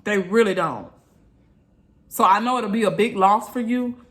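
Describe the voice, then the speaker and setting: A woman's voice: mid-range voice, measured pace. A woman vlogger, venting bluntly and repeating herself in an exasperated rant to her viewers.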